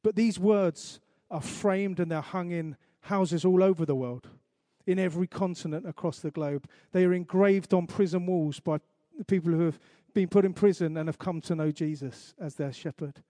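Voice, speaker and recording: A man preaching a sermon, earnest, reciting scripture slowly and emphatically, with light asides to the congregation. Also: high-pitched, dark tone, no room sound, studio quality. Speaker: pastor.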